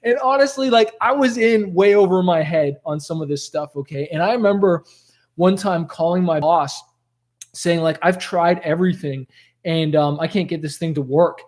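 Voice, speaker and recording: A man with a notably high-pitched voice gives a motivational talk straight to the camera, animated and conversational. He keeps dropping "like" and "okay?" as he tells stories from his past. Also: moderate pace. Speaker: rap rock musician giving motivational talk.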